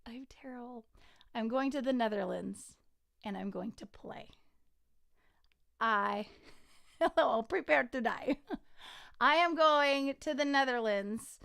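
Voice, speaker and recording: A smooth, clear-voiced woman pitched a little high chats on a casual livestream. She is a singer-songwriter, excitable and giggly, and rambles from one thought to the next. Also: slow pace, long pauses.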